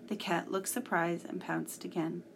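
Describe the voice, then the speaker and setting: A woman reading a children's story aloud, measured and sometimes hushed. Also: lowish voice, little pitch movement, vocal fry, slight background noise.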